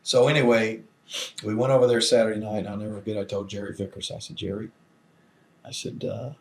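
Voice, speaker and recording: An older man, guest in a long interview, telling old stories with lively acted-out quotes. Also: lowish voice, a little fast. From Southern United States. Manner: animated storyteller acting out quoted voices. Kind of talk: storytelling shoot interview.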